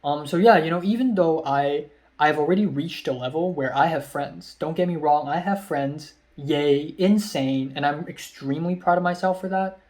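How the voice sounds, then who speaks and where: Rambling young man, higher-pitched. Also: normal speed, a little mellow. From Hong Kong. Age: young adult. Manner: rambling, repeats himself, many ums; self-deprecating, laughs at himself. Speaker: vlogger. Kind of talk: casual vlog storytelling.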